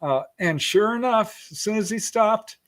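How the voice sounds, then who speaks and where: A man's voice: high voice, lively intonation, normal speed, a bit bright. A middle-aged man telling a story as a podcast guest, acting out quoted voices and laughing often. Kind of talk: casual storytelling interview.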